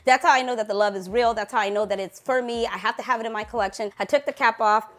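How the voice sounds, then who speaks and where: Brief: young woman, fragrance vlogger, slightly higher voice, gushes playfully and savors sensual words. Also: steady tone, fast, fairly bright tone. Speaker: fragrance reviewer. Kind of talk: casual perfume review vlog.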